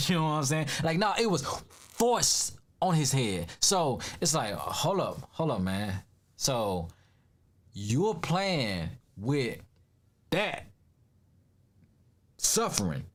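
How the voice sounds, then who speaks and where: A man's voice: fairly high pitch, a bit bright. A man giving casual reaction commentary, emphatic and slangy, laughing often.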